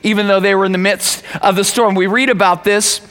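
A man preaching a sermon to a congregation, lively and conversational, acting out the people in his stories. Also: high-pitched, brisk, big-room sound. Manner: animated, acts out quoted voices. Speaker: pastor. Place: church.

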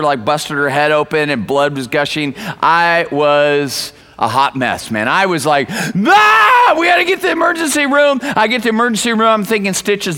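A high, bright male voice preaching with animated energy, acting out little scenes as he goes. His words ring out through a church hall with a long reverb tail. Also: smooth. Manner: animated, acts out quoted voices. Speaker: pastor. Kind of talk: sermon.

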